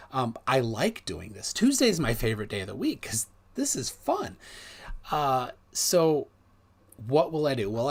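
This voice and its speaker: A middle-aged man hosting a livestream, talking casually in a rambling, animated way with many restarts. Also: mid-range voice, breathy edge. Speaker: livestream host.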